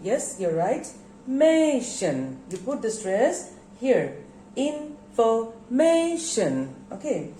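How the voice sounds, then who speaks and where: A woman's voice: medium pitch, very animated, warm tone. A woman teaching a lesson, stretching out words and repeating them for her students. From Bangladesh. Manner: slow, drawn-out word emphasis, repeats words for students. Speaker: English teacher. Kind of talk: recorded classroom lesson. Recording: echoey room, faint background noise.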